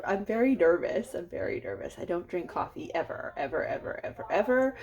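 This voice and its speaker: A cooking vlogger, an adult parent, talks nervously and casually as she prepares food, leaning on lots of ums and likes. She has a fairly low-pitched voice with a darkish tone.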